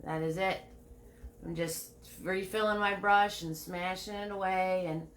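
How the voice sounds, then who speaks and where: A woman's voice: medium pitch, steady tone, a little slow, slight background noise. A woman giving a live painting lesson, chatting with viewers by name and repeating each step with a frequent "right?". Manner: repeats steps, asks "right?" often. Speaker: painting instructor.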